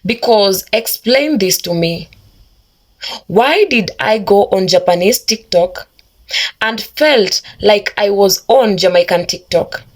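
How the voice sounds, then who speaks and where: A woman reading a scripted narration in a measured storytelling delivery. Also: medium pitch, lively intonation.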